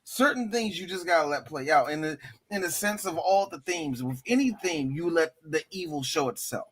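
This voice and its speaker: A man co-hosting a podcast in an easygoing chat, his voice sitting fairly high. He is animated and profane, and he often jumps into quoted voices and laughter. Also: moderate pace, a little hiss or hum. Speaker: podcast co-host. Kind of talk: casual chat.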